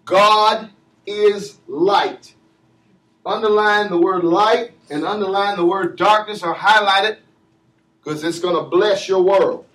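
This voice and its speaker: A man preaching a sermon and calling for responses from the congregation, swinging between shouted lines and low asides. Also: fairly even intonation, normal speed. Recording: echoey church from far off.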